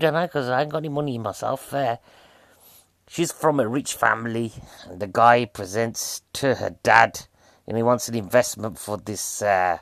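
A man's voice: on the low side, fairly bright tone, dry recording. A man with a British accent chatting cheekily to the viewer as he reviews a film. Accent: British English. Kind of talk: casual film review monologue.

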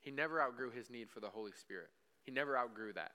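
Guy preaching at church, casual chatty sermon, acts out little back and forth scenes, bright crisp voice. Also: medium pitch, fast talker. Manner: conversational preaching with frequent "right?" asides; acts out imagined dialogue with God. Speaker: pastor.

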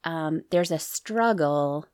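A woman guest on a podcast, talking over her art in an earnest, searching way and often circling back to restart her thought. Her voice sits fairly low and sounds dry and close to the mic. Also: slow, clean tone, no echo. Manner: earnest and reflective, with restarts and soft laughs. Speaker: guest, burlesque performer and musician. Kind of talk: casual interview chat.

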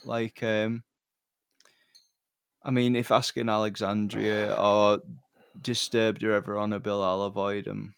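Co-host, man, lowish voice, halting dry banter, close dry mic. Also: little pitch movement, vocal fry, clear, resonant tone, no room sound. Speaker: podcast co-host. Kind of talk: casual chat.

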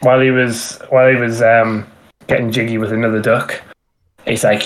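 A man's voice: mid-range voice, flat delivery, moderate pace. A man co-hosting a casual podcast, joining in with dry, jokey banter. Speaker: podcast co-host.

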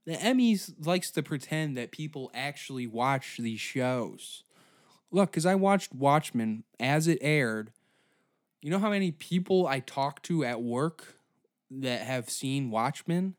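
A man's voice: medium pitch, animated, slow, no room sound, clean studio sound. A man hosting a comedy podcast, ranting sarcastically with lots of swearing and incredulous questions. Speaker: podcast host.

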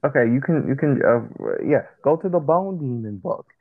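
A man's voice: medium pitch, expressive, normal speed, narrow, tinny audio. Man explaining things with many restarts. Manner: explains step by step, with frequent restarts. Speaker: son guiding his mother through documents. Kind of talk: casual chat.

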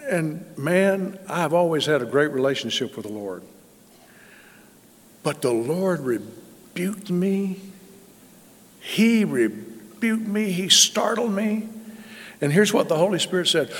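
Dramatic preacher with a fairly high voice. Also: male voice, expressive, takes it slowly, pauses often, big-room sound. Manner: dramatic, swings from loud emphasis to hushed asides. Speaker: pastor. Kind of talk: storytelling sermon.

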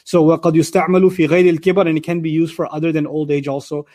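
Fast, high-voiced man teaching scripture. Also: flat delivery, dark tone. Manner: quick explaining, reads Arabic terms then glosses them. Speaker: Quran teacher. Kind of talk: explanatory lecture.

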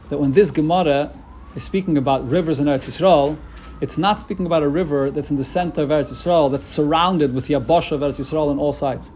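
Male Talmud teacher, high voice, emphatic, faint background noise. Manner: animated, emphatic, with many restarts and Hebrew-Yiddish terms. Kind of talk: casual Talmud lecture.

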